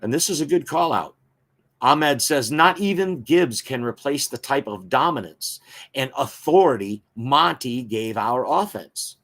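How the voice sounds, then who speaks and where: A man hosting a football talk show, giving fan opinions and reading viewer comments in a casual, chatty way with frequent filler words. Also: medium pitch.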